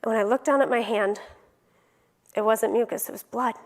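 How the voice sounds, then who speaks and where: A woman's voice: fairly high pitch, steady tone, normal speed, big-room sound. Woman telling a story on a keynote stage. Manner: vivid personal storytelling, acting out quoted dialogue. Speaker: motivational keynote speaker.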